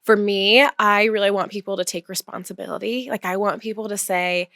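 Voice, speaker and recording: A woman's voice: mid-range voice, fairly even intonation, fairly quick, pushed and bright, no room sound, clean studio sound. A woman hosting a podcast, chatting casually and encouraging her guest. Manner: encouraging, affirming listener. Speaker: podcast host. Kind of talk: casual interview chat.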